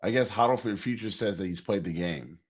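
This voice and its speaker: A man's voice: deep voice, fast, husky. A man co-hosting a casual podcast, laughing and defending himself in an easygoing way.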